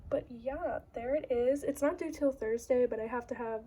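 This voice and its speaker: A woman's voice: fairly high pitch, normal speed, dark tone, a little hiss or hum. A young woman art student vlogging casually about her week, chatty and full of filler words. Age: young adult. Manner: chatty storytelling with many "like" fillers. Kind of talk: casual vlog chat.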